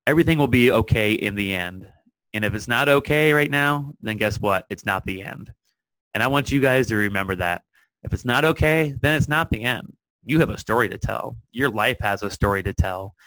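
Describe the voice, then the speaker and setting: A man's voice: mid-range voice, a bit bright, no room sound, low-quality recording. A man hosting his own podcast, talking earnestly and encouragingly to his listeners and repeating lines for emphasis. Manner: speaks directly to listeners. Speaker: podcast host. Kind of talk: solo podcast monologue.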